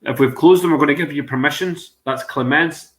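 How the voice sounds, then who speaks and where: A man's voice: on the high side, fairly quick, fairly bright tone. A man hosting an online whiskey tasting over a video call, chatty and jokey. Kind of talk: casual chat.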